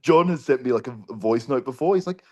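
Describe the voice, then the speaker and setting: Male podcaster, mid pitch, chatty and giggly. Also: fast, mellow. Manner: chatty, laughs often. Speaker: podcast co-host. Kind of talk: casual chat.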